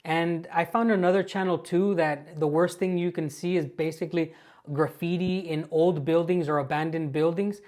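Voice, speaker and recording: Woman, American, low voice, vlog host, amused and mocking, casual commentary. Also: steady tone, moderate pace, darkish tone. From United States. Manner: amused, mocking, talks straight to viewers. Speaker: channel host.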